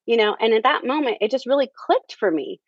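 A woman's voice: fairly high pitch, very animated, a little fast, husky, no echo. A woman telling her story in a chatty, conversational way, often leaning on "you know" and "um". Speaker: theater director, interview guest. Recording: dull lo-fi, dry.

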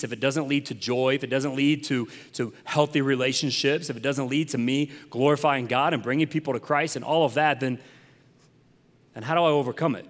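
A pastor delivers a sermon in a conversational, earnest way, often climbing into passionate emphasis. His voice sits somewhat high for a man. The sound rings with the long reverb of a large hall.

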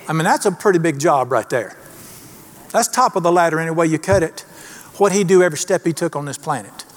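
A middle-aged man preaching a sermon in a folksy, emphatic way, asking the congregation questions. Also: a little high. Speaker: pastor.

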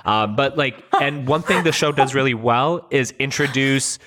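A man co-hosting a casual podcast, enthusiastic and full of ums and likes, slowing down to stress his points. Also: mid-range voice, background noise. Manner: enthusiastic, filler-heavy, slows to stress points. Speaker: podcast co-host. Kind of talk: casual chat.

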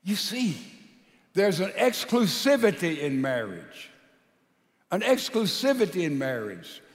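A male preacher with a high voice delivers a sermon. He tells a story, his voice swinging from loud to hushed. Long reverb trails his words around a large hall. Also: very animated, measured pace.

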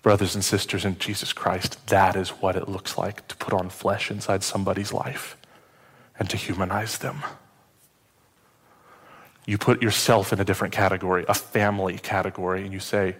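A man with a fairly low voice preaching a sermon in a church. He talks conversationally and pokes fun at himself. At the tender moments of a story he lowers his voice to a near hush. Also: level tone, normal speed, breathy edge, big-room sound. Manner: conversational, self-deprecating, drops to hushed tones for emotional story moments. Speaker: pastor.

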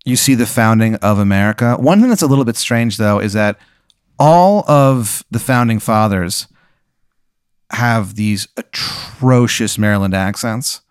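A man improvises a crude comic story, narrating to his guest in a loose, rambling way full of fillers. His voice is smooth and clear, and the recording is close and dry, with no room sound. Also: on the low side, lively intonation, a little slow, dry recording. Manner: profane, rambling second-person narration with many fillers. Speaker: host.

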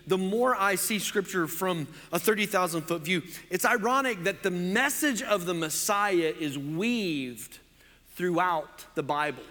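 A pastor from Oklahoma preaching a sermon in a chatty, joking way, full of casual fillers. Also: male voice, sits high, a bit bright, in a large hall. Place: church.

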